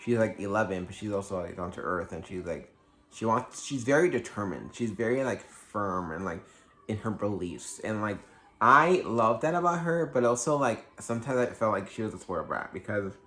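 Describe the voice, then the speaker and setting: Male book vlogger, slightly low voice, loose chatty delivery with constant fillers and self-corrections. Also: animated, moderate pace, sharp tone. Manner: rambling, heavy use of "like", frequent restarts. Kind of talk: casual book review vlog.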